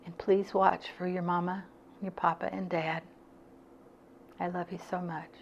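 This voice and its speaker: A woman's voice: lowish voice, level tone, unhurried, gravelly, lo-fi sound, a little hiss or hum. An older woman giving an earnest talk, telling her own stories and acting out what people said. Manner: earnest, acts out quoted dialogue. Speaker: speaker at a club talk. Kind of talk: personal storytelling talk.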